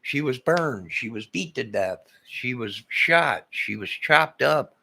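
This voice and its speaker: A man's voice: mid-range voice, animated, slow, creaky, sharp tone, dry recording. An older man, a vlogger, in an agitated, repetitive, rambling monologue.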